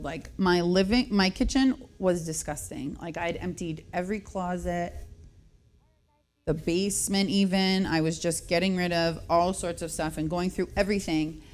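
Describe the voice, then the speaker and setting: A woman in her thirties hosting a radio show, telling a long story in a chatty, self-mocking way and laughing often. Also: lowish voice. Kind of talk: casual radio chat, storytelling.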